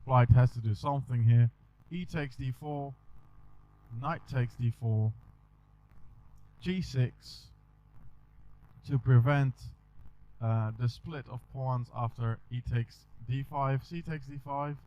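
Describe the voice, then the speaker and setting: A man's voice: medium pitch, slow. A man teaching a chess video lesson, talking through the moves with small restarts. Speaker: chess coach. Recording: dull, dry recording.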